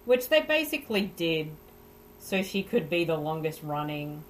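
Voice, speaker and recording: Hesitant low-voiced woman. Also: very animated, normal speed, slight background noise. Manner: hesitant, many "um"s. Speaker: podcast co-host. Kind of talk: casual chat.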